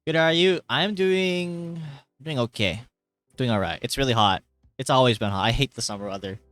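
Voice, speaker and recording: A young man live-streaming from his hot bedroom, chatting casually and reading chat aloud, rambling and jokey with sudden loud greetings, and a little tired. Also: mid-range voice, normal speed, no echo, soft background music. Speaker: livestreamer.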